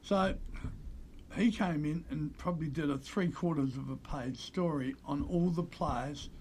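An older Australian man telling animated stories as an interview guest, acting out the voices of the people he quotes. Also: a little high, unhurried, a little hiss or hum. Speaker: interview guest, former player agent. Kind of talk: conversational storytelling.

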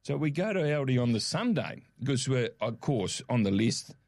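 Australian male co-host, animated storyteller, mid pitch, dry close sound. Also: moderate pace, no echo. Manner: animated, acts out quoted voices. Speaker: podcast co-host. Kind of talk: casual storytelling chat.

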